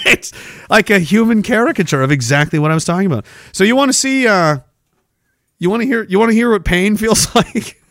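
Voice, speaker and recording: Loud profane ranting podcast man. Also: high voice, animated, a little fast, gravelly, no room sound, studio quality. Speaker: podcast host.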